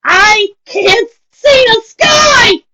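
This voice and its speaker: A woman's voice: very high voice, lively intonation, extremely slow, bright, forceful tone, shouting, voice pushed up, full character voice. A woman voicing a brash tomboy pegasus pony mare who shrieks and screams in panic, in a fan audiobook reading. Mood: panicked.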